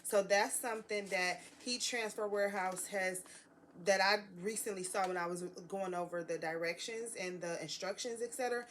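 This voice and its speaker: A woman's voice: medium pitch, normal speed, fairly bright tone, slight background noise. A woman vlogging a crafting tutorial, gushing and chatty, talking straight to her viewers as y'all.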